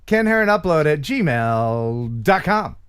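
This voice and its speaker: A man's voice: on the high side, sing-song, slow, noisy background. Playful American man hosting a live stream. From USA. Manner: jokey, laughs often, playful impressions. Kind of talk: casual chat.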